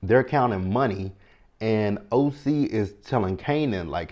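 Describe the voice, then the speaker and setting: A man's voice: fairly low pitch, unhurried, dull audio. A man, casually recapping a TV episode and talking straight to his viewers. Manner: chatty and animated, talks to viewers directly. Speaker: TV show recap host.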